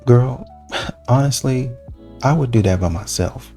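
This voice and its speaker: A man hosting a reaction show with laid-back, slangy, animated commentary. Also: medium pitch, a little slow, faint music behind. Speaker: reaction host.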